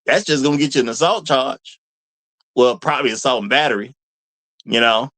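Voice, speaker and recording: A man's voice: mid-range voice, moderate pace, no room sound, rough recording. A man hosting a live commentary stream, talking casually to his viewers and repeating points for emphasis. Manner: animated, repeats lines for emphasis, addresses viewers as y'all. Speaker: host of a live commentary show.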